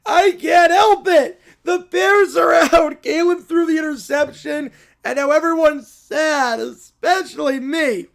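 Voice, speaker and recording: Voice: very high-pitched, a little slow, darkish tone. A streamer doing a sobbing toy bear. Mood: wailing. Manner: sobbing, wailing complaints. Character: whiny crying toy bear, a sulking football fan. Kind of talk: comedy skit on a live stream.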